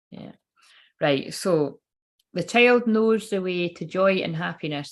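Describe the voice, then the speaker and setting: A woman's voice: lowish voice, gravelly. A woman giving a casual, rambling livestream tarot reading, swearing freely and feeling unwell and tired. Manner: chatty, swearing, rambling asides. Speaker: tarot card reader.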